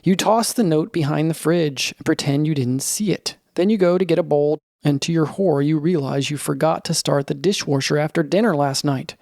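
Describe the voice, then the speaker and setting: A man narrating a scripted children's story in the second person, in a lively storytelling manner. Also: a little high, normal speed, hardly any pauses, no echo, studio quality.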